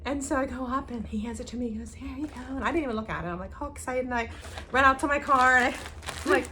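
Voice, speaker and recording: A woman co-hosting a casual stitching chat, telling stories with lively acted-out quotes. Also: high-pitched, very fast, a little hiss or hum. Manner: animated storyteller, acts out quotes. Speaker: flosstube co-host.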